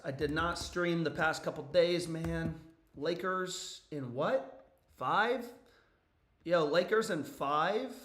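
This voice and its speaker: A young man streaming from an echoey room at home, his voice hoarse and nearly gone. He sits a little high in pitch and chats loosely, throwing in "dude" and "bro" and the odd curse. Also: fairly bright tone. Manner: loose and profane, frequent "bro" and "dude" asides. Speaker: sports betting streamer. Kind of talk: casual live-stream chat.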